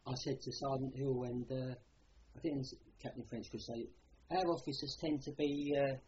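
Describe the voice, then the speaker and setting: A man's voice: mid-range voice, fairly even intonation, normal speed, a little mellow, dull audio, slight background noise. An older man with a Cockney accent, recalling his war service in a rambling, plain-spoken way, often adding "you know". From London. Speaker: war veteran interviewee. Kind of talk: oral history recollection.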